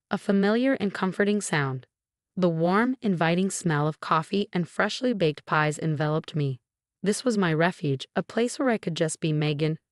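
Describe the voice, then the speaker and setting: A woman reading a first-person story in an even, measured narration, reading the dialogue in her own voice. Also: low-pitched, no echo, clean studio sound.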